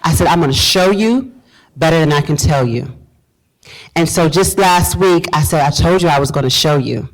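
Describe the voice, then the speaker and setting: A woman's voice: sits low, animated, moderate pace, soft background music, rough recording. A woman from Virginia, a pastor giving a motivational talk to a live audience, repeating key phrases and quizzing the room. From Virginia, US South. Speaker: pastor and speaker.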